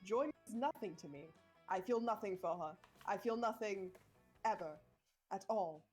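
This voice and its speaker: A cold, dramatic young villain, read out by a woman with a husky edge. He speaks in flat, melodramatic menace, over faint music. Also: medium pitch, normal speed, close to an everyday voice. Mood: brooding. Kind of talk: reading game dialogue aloud.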